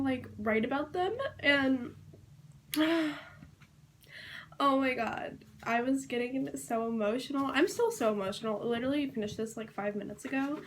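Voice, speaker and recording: A woman book vlogger talking casually to the camera, rambling with lots of fillers and gushing excitedly. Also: a little high, a little hiss or hum. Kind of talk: casual chatty vlog.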